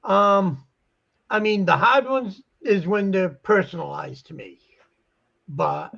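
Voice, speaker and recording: A man's voice: sits high, takes it slowly, vocal fry, a bit bright. A man chatting casually about dealing posters, rambling and acting out the conversations he quotes. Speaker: guest poster dealer. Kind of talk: casual chat. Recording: muffled lo-fi audio.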